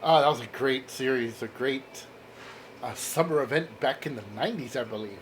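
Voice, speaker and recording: A man's voice: medium pitch, moderate pace, a little hiss or hum. A man chatting casually in a vlog as he shows off a comic book haul, enthusiastic and laughing at his own jokes. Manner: enthusiastic, exclaims over covers.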